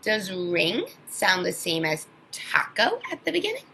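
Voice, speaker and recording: A woman teaching an online phonics lesson to young children, sounding out words slowly and with exaggerated emphasis. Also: fairly low pitch, wildly swooping pitch, bright, forceful tone, slight background noise, poor audio.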